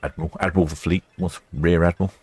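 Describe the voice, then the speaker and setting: Very deep-voiced man, chatty. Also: fairly even intonation, very fast, warm tone, husky, no room sound. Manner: chatty, rambling, self-correcting. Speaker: live-stream host. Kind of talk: casual live commentary.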